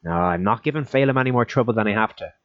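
A man's voice: on the low side, animated, racing, natural voice. A man voicing an injured, weary young fugitive who talks in a stubborn, strained way, on a dull, lo-fi recording.

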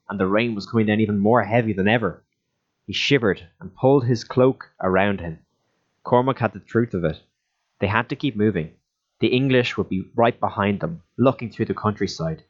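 Low-voiced male storyteller, lo-fi sound. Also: normal speed. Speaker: narrator. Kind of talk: audiobook storytelling. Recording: dull lo-fi recording.

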